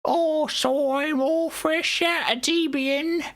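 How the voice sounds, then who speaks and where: A woman's voice: sits high, fairly even intonation, takes it slowly, voice pushed up. A woman streamer putting on an exaggerated, sing-song mock British accent as a cheeky bloke. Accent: put-on British.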